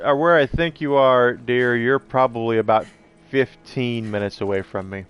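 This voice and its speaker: A man's voice: medium pitch, moderate pace, smooth, lo-fi sound. Chatty middle-aged male streamer. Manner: rambling, chatty, answers chat messages. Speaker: live streamer. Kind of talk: casual chat with stream viewers.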